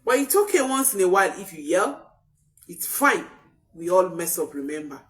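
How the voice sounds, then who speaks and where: Lively woman parenting coach, distant mic. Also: fairly low pitch, normal speed. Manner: expressive, repeats key phrases for emphasis. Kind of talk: motivational parenting talk.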